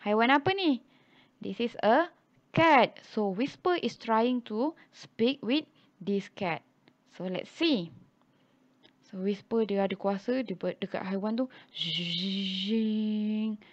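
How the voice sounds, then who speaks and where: A young Malaysian woman teaching English to young children. She walks through a storybook slowly and repeats each line in a second language. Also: medium pitch. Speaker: primary school English teacher. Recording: dull lo-fi recording.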